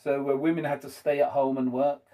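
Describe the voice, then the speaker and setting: A man hosting a casual debate, talking haltingly with frequent restarts and fillers. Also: medium pitch, flat delivery, warm tone. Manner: hesitant, halting speech with many restarts.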